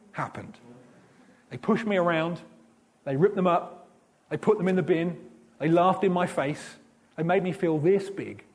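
Animated male preacher. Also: fairly high pitch. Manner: animated storytelling, acts out dialogue. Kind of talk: sermon.

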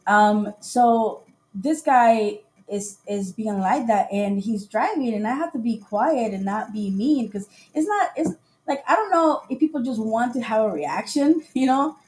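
Hosting a relaxed live podcast, a woman with a voice on the high side recounts a dating story at a measured pace. She tells it with lots of energy, laughing and imitating the people involved.

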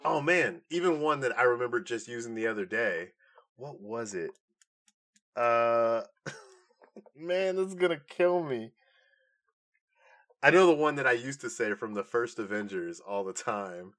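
Slow-talking man with a bright voice. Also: mid-range voice, animated. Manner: laughs often, quotes movie lines in put-on voices. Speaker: podcast co-host. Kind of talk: casual chat. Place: hot room at home.

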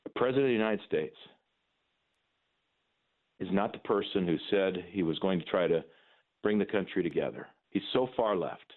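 A man's voice: sits low, expressive, moderate pace, pauses often. Opinionated male radio host, phone-thin sound. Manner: opinionated, emphatic, mock-incredulous asides. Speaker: radio talk show host. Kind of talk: call-in radio talk. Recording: phone-like narrow band.

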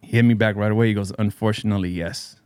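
A man's voice: lowish voice, fairly even intonation, very fast, darkish tone, clean tone, no echo. A man and DJ telling a story in casual chat with friends, loose and profane with bro slang.

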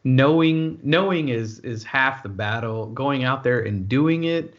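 A man hosting a podcast, talking in a slow, reflective and encouraging way. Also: medium pitch, lo-fi sound. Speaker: podcast host. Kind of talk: casual podcast chat.

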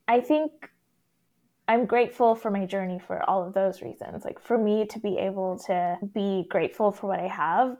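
A woman's voice: medium pitch, mellow. A woman speaking as a podcast guest, earnest and reflective, with many fillers like "like" and "you know". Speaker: podcast guest and career coach. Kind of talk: casual conversational interview.

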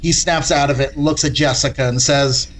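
A man hosting, narrating a comedic retelling of a horror film in deadpan style, correcting himself as he goes. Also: mid-range voice, normal speed, a little hiss or hum.

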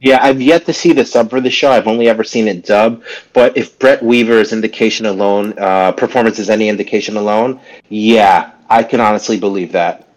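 Laid-back, low-voiced podcast co-host man. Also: fairly quick, rough recording. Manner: laid-back, filler-heavy, swears casually. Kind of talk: casual podcast chat.

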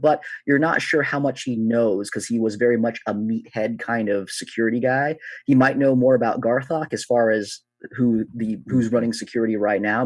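A man's voice: mid-range voice, no room sound. A man narrating as game master in a rambling, casual way with many restarts. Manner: rambling, lots of fillers and restarts.

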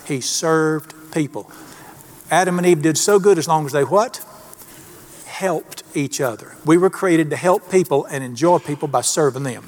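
A middle-aged man preaching a sermon in a folksy, emphatic way, asking the congregation questions. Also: a little high. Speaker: pastor.

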